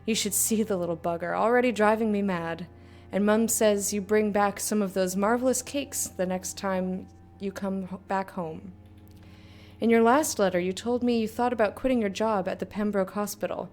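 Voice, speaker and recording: A woman's voice: medium pitch, steady tone, normal speed, a little mellow, soft background music, natural voice. A woman reading a letter aloud in a put-on British accent as a blunt, chatty young working-class woman writing to her sister. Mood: gossipy.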